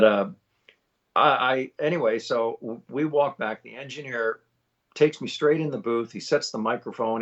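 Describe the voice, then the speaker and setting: A man in his fifties, a voiceover actor, telling lively stories in an interview and acting out the quotes. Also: mid-range voice, creaky, lo-fi sound. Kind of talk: anecdotal storytelling in an interview.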